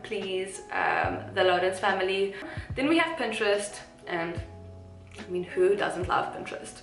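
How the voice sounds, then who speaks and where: A young South African woman vlogs to camera in casual, rambling chat full of giggly asides. Her mid-range voice has a fairly bright tone, and the echoey room carries faint music.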